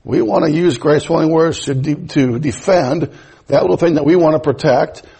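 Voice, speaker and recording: A man's voice: on the high side, normal speed, gravelly, warm tone, husky, poor audio. A man preaching a sermon in a folksy, emphatic way, mixing scripture with personal stories. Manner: folksy, storytelling, emphatic rises.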